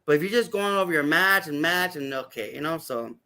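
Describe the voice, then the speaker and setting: A man, a wrestling referee guest on a podcast, telling stories in a lively, profane way and acting out other people's voices. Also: a little high, brisk, a crowd in the background. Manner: animated, acts out voices, swears freely. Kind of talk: casual podcast storytelling.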